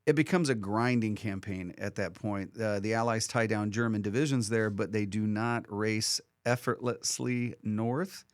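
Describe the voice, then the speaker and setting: A man's voice: on the low side, fairly even intonation, unhurried, few pauses, no echo. A man co-hosting a history lesson podcast, explaining in a casual way, with frequent "uh" fillers and the odd joking aside. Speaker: history teacher co-host.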